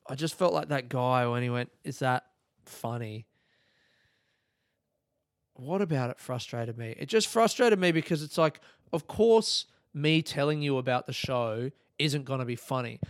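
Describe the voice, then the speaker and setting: On his own podcast, a man who does comedy goes off on rambling tangents, cursing and cracking himself up as he talks alone. He has a mid-range voice, captured in a dry, clean studio recording.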